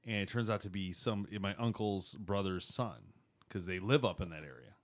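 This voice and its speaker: Low-voiced man with lively pitch. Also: moderate pace. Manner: lively, laughing storyteller with wide pitch swings. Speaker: podcast co-host. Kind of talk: casual storytelling chat.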